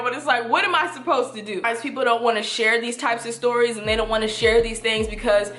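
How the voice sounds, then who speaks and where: A woman's voice: fairly high pitch, fast, fairly bright tone, faint music behind. A woman in her twenties telling a personal story to camera, earnest and emphatic, often repeating points for stress. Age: 20s. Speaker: vlogger. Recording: echoey room.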